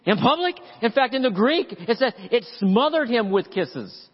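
A man preaching a sermon as pastor, animated and acting out voices in the story. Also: very high-pitched, normal speed, slightly rough. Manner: animated preaching, acts out the father's voice. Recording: dull lo-fi audio with long hall reverb.

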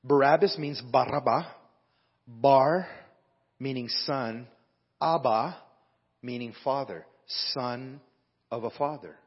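A pastor with a mid-range, breathy-edged voice preaches slowly, pausing often, and breaks off from the reading to chat with the room. The setting is a church hall with a live band, recorded in dull lo-fi with long hall reverb.

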